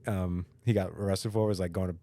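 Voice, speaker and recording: A man's voice: low-pitched, steady tone, brisk, dark tone. A man co-hosting a casual podcast, a rambling comic storyteller with many fillers and restarts. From United States. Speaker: podcast co-host; stand-up comic. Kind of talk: casual chat.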